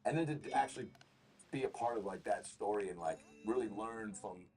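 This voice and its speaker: A man's voice: fairly low pitch, normal speed, a little hiss or hum. Profane, rambling male comedian. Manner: rambling, profane, animated storyteller. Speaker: guest comedian and actor. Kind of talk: casual interview storytelling.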